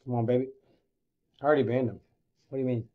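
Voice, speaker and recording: A man live-streaming his gambling, swinging between low muttered gloom and loud shouted hype, swearing constantly. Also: level tone, quick pace, narrow, tinny audio.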